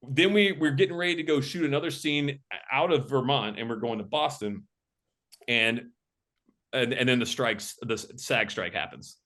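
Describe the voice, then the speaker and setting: A man in the guest seat of a casual interview, telling behind-the-scenes stories as a film director. He talks in an animated way, jumping into other people's voices when he quotes them. His pitch sits in an ordinary middle range for a man. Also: moderate pace.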